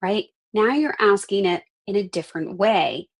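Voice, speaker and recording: A woman's voice: medium pitch, brisk, husky. A middle-aged woman life coach teaching a live class, earnest and conversational, often tagging her points with "right?". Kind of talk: live online class talk.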